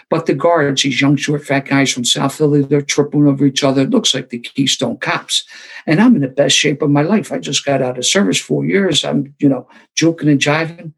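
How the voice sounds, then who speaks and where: A man's voice: a little high, creaky, slightly rough. An older man, telling his recovery story at a sober meeting with self-deprecating humor. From Philadelphia.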